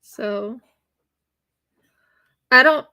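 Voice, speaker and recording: A woman's voice: a little high, very slow, sharp tone. A woman chatting casually and rambling on a live stream while she crafts. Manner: chatty and rambling, with laughs and fillers.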